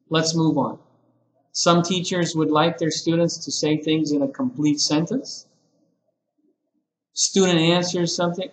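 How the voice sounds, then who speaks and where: Guy teaching teachers, slow and patient, lots of uhs, kinda high voice. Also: echoey room, low-quality recording. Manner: slow, patient explaining with frequent "uh" pauses. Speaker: ESL teacher trainer. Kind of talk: recorded training lesson.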